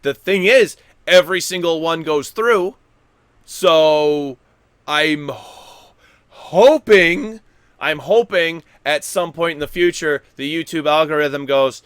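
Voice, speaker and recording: A goofy, animated man rambles through casual gaming news commentary, his voice swinging from hushed to loud. The tone is bright and forceful, slightly high for a man, and the sound is dry and close. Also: takes it slowly, smooth, dry recording. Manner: goofy, self-deprecating. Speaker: YouTube gaming news host.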